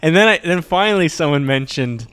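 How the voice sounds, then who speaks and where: Relaxed male comedy podcast cohost, self-mocking, pitch moving up and down a lot. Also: a little fast, background noise. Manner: laid-back, self-mocking, laughs often. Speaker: podcast co-host. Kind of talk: casual comedy podcast chat.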